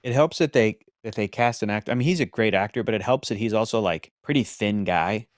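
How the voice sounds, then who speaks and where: A man's voice: on the low side, fairly quick, no room sound. A man co-hosting a movie reaction, chatting casually and joking, with film sound behind. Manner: jokey, puts on mock British voices.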